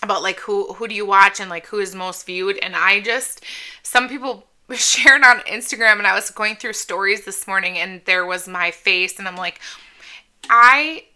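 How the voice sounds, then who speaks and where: A woman's voice: medium pitch, moderate pace, bright, forceful tone. A middle-aged woman chatting casually at home in a rambling, self-interrupting way as she reviews products for her channel. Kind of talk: casual haul vlog chat.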